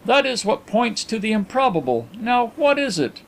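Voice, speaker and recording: A man voicing an excitable, skeptical gentleman friend in an audiobook, with a raised, emphatic, incredulous delivery. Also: very high voice, moderate pace, gravelly, voice pushed up, heavily acted.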